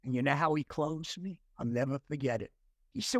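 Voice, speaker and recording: Older male guest in his 60s, animated storyteller, a touch high-pitched, dry close sound; earnest. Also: a little fast, no echo. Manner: animated storyteller acting out dialogue; earnest, emotional at times. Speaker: interview guest. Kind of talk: personal recovery story.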